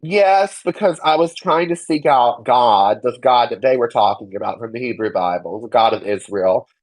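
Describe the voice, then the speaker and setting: A young adult speaking with blunt, indignant emphasis, slipping into mocking impressions of others. The voice sits at an ordinary middle pitch. The recording is dry and close, with no room sound. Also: moderate pace, darkish tone, dry recording, rough recording. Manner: emphatic, indignant, swears freely and mocks others in quoted voices. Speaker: interview guest. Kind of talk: candid personal testimony.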